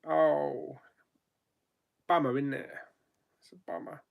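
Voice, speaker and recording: A man's voice: a little high, fairly even intonation, slow, vocal fry. A man hosting a live chat stream, greeting viewers one by one by name in an easygoing, chatty way. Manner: easygoing, thinks aloud with ums and asides.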